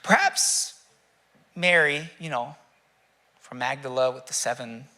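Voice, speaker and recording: A male pastor preaching a sermon, reflective, asking rhetorical questions with dramatic pauses. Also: medium pitch, sharp tone.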